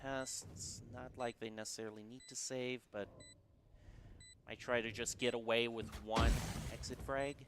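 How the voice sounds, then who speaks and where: A man casting a collegiate esports match with lively play-by-play commentary and frequent laughter. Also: medium pitch, moderate pace, noisy background. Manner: animated, laughs often. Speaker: esports caster.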